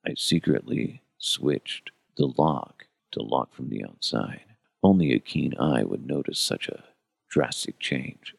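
A man voicing a calm, menacing male serial killer who narrates his own thoughts in a slow, self-satisfied inner monologue. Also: extremely low pitch, vocal fry, dry recording, pitched below the performer's own voice, full character voice. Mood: sinister.

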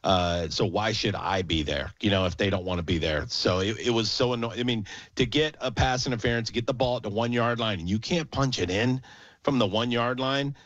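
A man's voice: fairly low pitch, a little fast, fairly bright tone, dry recording. A man co-hosting a casual sports podcast, ranting heatedly and swearing freely. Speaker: podcast co-host. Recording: dull lo-fi dry sound.

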